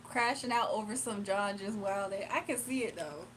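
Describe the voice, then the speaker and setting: A woman's voice: mid-range voice, moderate pace, slight background noise, low-quality recording. A woman with a Southern US accent from Virginia, casually chatting on a late-night livestream, laughing often and answering her chat. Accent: Southern US, Virginia with Atlanta influence. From Virginia, USA.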